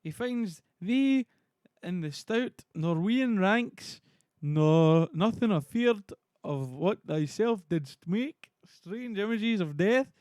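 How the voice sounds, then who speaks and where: Man putting on a raised, loud noble herald, slow and drawn-out, dry sound. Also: high voice, expressive, dry recording, pitched above the performer's own voice. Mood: proclaiming. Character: eager noble messenger Ross.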